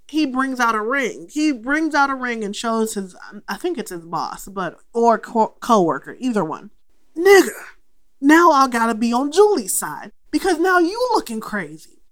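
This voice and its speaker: A young adult woman with a fairly high voice talks through a movie on her podcast. Her delivery is loose and animated, and she swears freely as she jumps into the characters' lines to make her point. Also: measured pace. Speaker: podcast host. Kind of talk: casual movie recap podcast.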